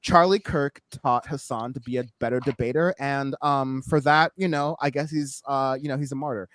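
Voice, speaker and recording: A man co-hosting a casual political chat show, sarcastic and jokey, quick to laugh. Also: medium pitch, steady tone, fairly bright tone, no echo. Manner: sarcastic, jokey, breaks into laughs and put-on voices. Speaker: podcast co-host.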